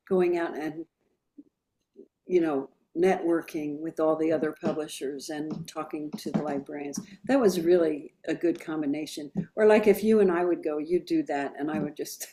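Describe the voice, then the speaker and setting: A woman with an East Coast American accent, speaking in a relaxed interview. She is blunt and matter-of-fact. She laughs easily between her stories. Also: deep voice. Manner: blunt, laughs often while recounting. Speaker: publisher being interviewed. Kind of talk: casual conversational interview.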